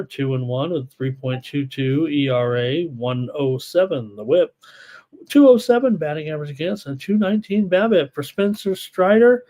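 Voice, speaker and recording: A man's voice: on the high side, mellow. A man hosting a live sports betting show, running through odds and stats and reading viewers' picks from the chat in a casual way. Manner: rapid stats rundown, reads chat picks aloud, casual asides.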